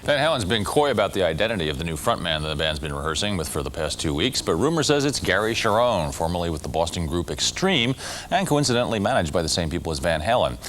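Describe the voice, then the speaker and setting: A man reading scripted news narration in a brisk, dry manner. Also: sits low, sing-song, fairly bright tone, slight background noise.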